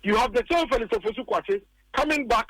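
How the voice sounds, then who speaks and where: A man's voice: very high-pitched, fast, a bit bright, no echo, low-quality recording. A man with a Ghanaian accent, a political commentator arguing emphatically on a radio talk show and hammering his points by repeating them.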